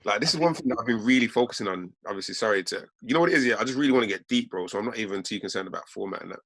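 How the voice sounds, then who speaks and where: A man's voice: fairly low pitch, animated, fairly bright tone, husky, dry recording. A young man, telling a rambling story in heavy street slang. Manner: slangy, fast, peppered with innit and bruv. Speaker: host.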